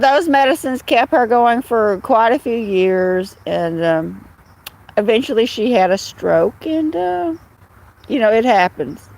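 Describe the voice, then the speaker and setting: A woman's voice: mid-range voice, vocal fry, darkish tone, poor audio. A woman hosting a casual live stream, chatting bluntly and rambling while answering viewers' comments. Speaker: live-stream host reading chat.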